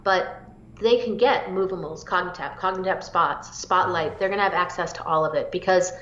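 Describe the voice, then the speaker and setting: A woman psychologist answering interview questions with eager energy and quick bursts of speech. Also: lowish voice, a bit bright. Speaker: psychologist guest. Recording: roomy, dull lo-fi audio.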